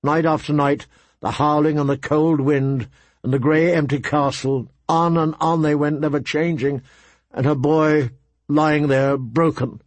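A man narrating a story in a measured, even audiobook reading. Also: on the high side, dry recording.

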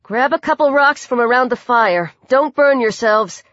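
A woman's voice: fairly high pitch, lively intonation, normal speed, a bit bright, no echo. A woman voicing a nervous but protective teenage boy in an audiobook, urgent and shaky, in a dry, dull recording.

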